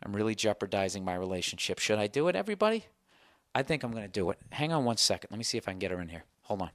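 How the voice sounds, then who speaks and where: A man's voice: lowish voice, very animated, racing, a bit bright, no room sound. A man hosting a podcast, telling a profane comedic story with mocking voices. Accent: Boston. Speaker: podcast host. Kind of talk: comedic monologue. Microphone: studio podcast mic.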